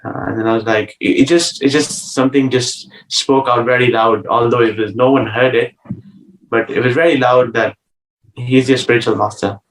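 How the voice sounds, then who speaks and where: A man telling a personal spiritual story as an interview guest, earnest and hesitant, with many pauses and restarts. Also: medium pitch, fairly even intonation. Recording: roomy sound from a distant mic.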